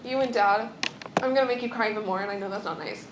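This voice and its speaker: A woman's voice: mid-range voice, quick pace, background noise. A young woman giving an emotional acceptance speech at an event, tearful and laughing, often losing her place in her script. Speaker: award speaker.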